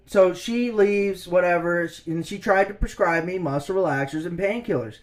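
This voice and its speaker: A man's voice: high voice, measured pace. A man in his thirties telling a personal story as a vlogger, casual, slangy and exasperated.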